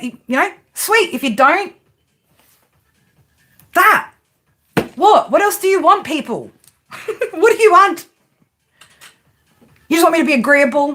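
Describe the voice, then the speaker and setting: A woman's voice: high voice, a bit bright. A woman who reads tarot, ranting unscripted on her stream, swearing freely and firing off rhetorical questions with a constant "right?". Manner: profane and combative, rhetorical questions, frequent "right?". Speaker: tarot and spiritual reader. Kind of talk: unscripted livestream rant.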